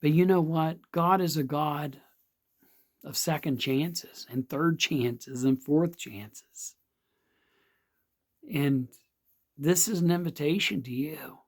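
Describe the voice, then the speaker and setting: A man, a pastor, giving a devotional sermon in a slow, earnest way with emphatic repeats. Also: fairly high pitch, a little mellow. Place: outdoor or home setting, not in church.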